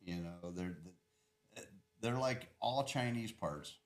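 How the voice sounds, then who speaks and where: A middle-aged man, an engine builder, chatting loudly on a podcast and laughing often as he rambles about his work. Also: fairly low pitch, lively intonation, takes it slowly. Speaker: engine builder and shop owner. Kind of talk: casual podcast chat.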